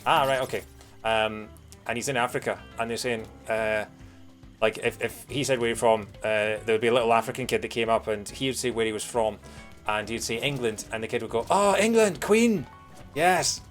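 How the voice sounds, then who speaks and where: A man's voice: on the low side, little pitch movement, brisk, a bit bright, faint music behind. A man streaming a video game, chatting with viewers in a rambling, casual way. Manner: chatty, rambling with many fillers. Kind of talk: casual live-stream commentary.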